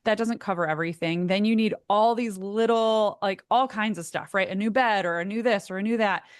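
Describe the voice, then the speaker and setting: Smooth-voiced woman host, dry sound. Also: medium pitch, brisk, dry recording. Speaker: podcast host. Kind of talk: conversational interview.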